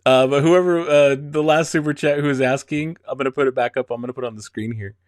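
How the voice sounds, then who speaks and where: A man's voice: medium pitch, fairly even intonation, fast talker, dry recording, clean studio sound. A man hosting a casual livestream, chatting with viewers, giggling and restarting often. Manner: giggly, rambling, restarts a lot. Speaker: livestream host. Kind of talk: casual live-stream chat.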